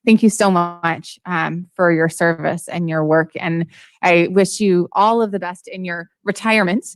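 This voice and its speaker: A woman's voice: fairly low pitch, steady tone, measured pace, no room sound. A woman chairing a county board meeting, paying an effusive, admiring tribute to a retiring colleague over a video call. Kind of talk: formal tribute at a public meeting.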